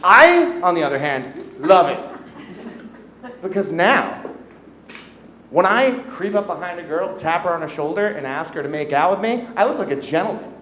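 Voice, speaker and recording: A young man in his twenties doing a self-deprecating stand-up set on a comedy club stage, getting loud at the punchlines. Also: high-pitched, lively intonation, normal speed, noisy background. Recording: roomy club with audience laughter.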